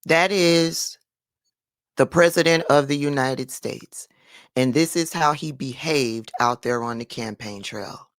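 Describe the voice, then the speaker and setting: Woman ranting about politics, firm and emphatic, slow, dry sound. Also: extremely low pitch, no room sound. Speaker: political commentator. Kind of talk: opinion vlog monologue.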